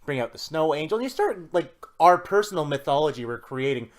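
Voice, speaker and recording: A man's voice: a little high, sing-song, a little fast. A man co-hosting a podcast in casual chat, rambling and restarting as he eagerly explains ideas. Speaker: podcast co-host.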